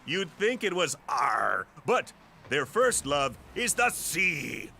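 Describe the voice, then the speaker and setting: A man's voice: fairly high pitch, big pitch swings, takes it slowly, gravelly, sharp tone, a little hiss or hum, pitched above the performer's own voice, heavily acted. A man putting on a silly joke-telling character's voice, goofy and strained.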